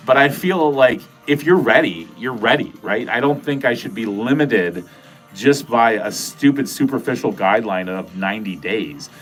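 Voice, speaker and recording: A man's voice: medium pitch, animated, moderate pace, soft background music. A man with a nasal Midwestern American accent hosting a livestream, rambling casually, swearing freely and joking with his chat. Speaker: livestream host.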